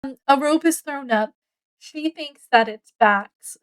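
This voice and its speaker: Slow, high-voiced woman retelling a story. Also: low-quality recording. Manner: rambling, with many ums and self-corrections; acts out characters' lines with excitement. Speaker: book reviewer. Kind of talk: casual book review, retelling the plot.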